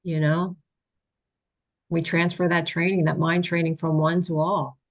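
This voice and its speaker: A woman's voice: lowish voice, little pitch movement, measured pace. A woman sharing personal reflections in a casual, earnest way on a video call, with many "you know" fillers. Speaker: study group participant.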